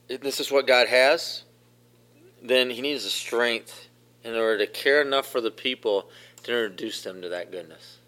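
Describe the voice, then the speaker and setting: A pastor preaches a sermon in a medium-pitched, fairly bright voice. He's emphatic, repeating phrases and putting questions to the congregation.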